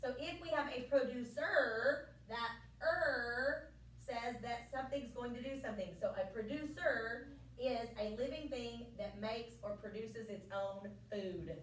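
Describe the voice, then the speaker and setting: A woman teacher giving a lively science lesson to children in a classroom, often checking with them. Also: fairly high pitch, unhurried. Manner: lively, playful, asks frequent check questions. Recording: echoey classroom from far off, faint room noise.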